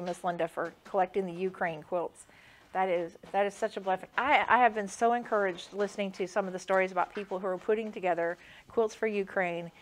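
Chatty, low-voiced woman quilter. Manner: chatty and rambling, many fillers. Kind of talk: casual sewing demonstration.

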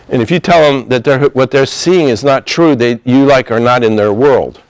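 A middle-aged man explains communication in a relaxed, chatty way, slipping into quick acted-out exchanges. His voice sits in an ordinary middle pitch. The recording is dry and close. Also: no echo. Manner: conversational, acts out dialogue with laughs. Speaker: therapist. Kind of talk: informal talk on communication.

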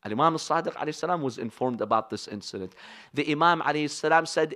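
High, bright-voiced man preaching a story. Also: sing-song, fast. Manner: earnest, emphatic storytelling with asides to the audience. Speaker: religious speaker. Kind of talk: storytelling sermon.

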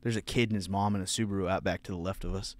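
A young male comedian and podcast host telling a story loudly, with profanity and laughter. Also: deep voice, fairly even intonation, very fast, no echo.

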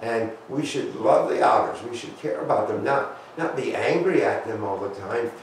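A man's voice: medium pitch, animated, normal speed, a little hiss or hum, close to an everyday voice. A man voicing a patient old grandpa bear from a storybook, soothing and coaxing. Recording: echoey church from far off.

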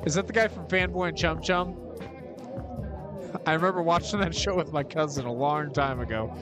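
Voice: mid-range voice, normal speed. A gaming streamer giving let's-play commentary, swearing and reacting with disbelief. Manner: swearing, incredulous, laughing reactions. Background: game music.

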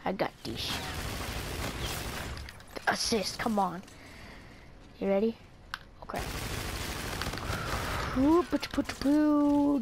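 A woman's voice: high voice, animated, extremely slow, long pauses. A young woman giving playful, silly commentary while playing a shooter game, squealing and singing little nonsense lines. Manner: playful, squealing, silly sing-song asides. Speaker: gamer. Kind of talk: casual gameplay commentary. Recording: noisy game audio behind.

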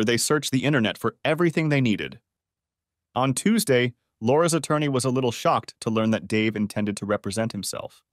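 A man narrating a story audiobook in an even, matter-of-fact scripted reading. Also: fairly low pitch, no echo, clean studio sound.

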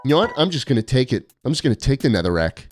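A man's voice: medium pitch, big pitch swings, rapid-fire, soft background music. A young man streaming casually, reading viewer postcards aloud with sarcastic, mock-arrogant jokes.

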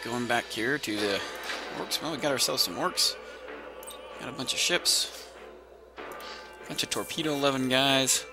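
A man's voice: mid-range voice, measured pace, long pauses. A man hosting a let's-play, thinking aloud as he plays and easily amused by what he finds. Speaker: gaming channel host. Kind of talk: let's-play game commentary. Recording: game music playing clearly behind. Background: game soundtrack music.

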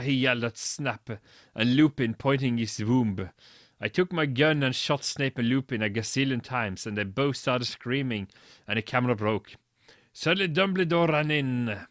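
A man's voice: medium pitch, measured pace, a bit bright, dry recording, studio quality. A man reading a badly written story aloud for comedy, mocking it and stumbling over its misspellings. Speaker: reader.

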